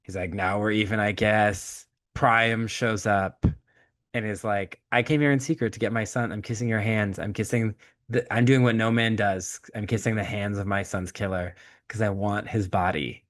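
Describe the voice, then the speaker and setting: Man retelling a story with comic voices. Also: lowish voice. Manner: animated storytelling, acts out characters with quick voice shifts; profane, comic. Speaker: podcast co-host. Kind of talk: casual chat.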